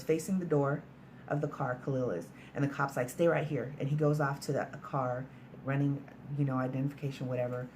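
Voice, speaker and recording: A woman's voice: low voice, darkish tone, slight background noise. Chatty woman recapping a movie. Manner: chatty storytelling with frequent "like" and mild swearing. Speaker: movie reviewer.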